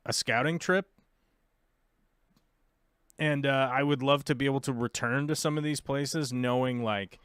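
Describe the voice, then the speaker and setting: A man's voice: mid-range voice, clear, resonant tone, no room sound, clean studio sound. An American man hosting a live show, talking in a casual, rambling way full of fillers and restarts. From United States. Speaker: host of aquarium livestream.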